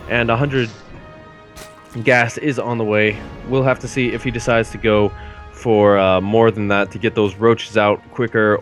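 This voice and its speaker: Male esports play-by-play caster. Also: lowish voice. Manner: steady play-by-play with filler "uh"s. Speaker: caster, channel owner.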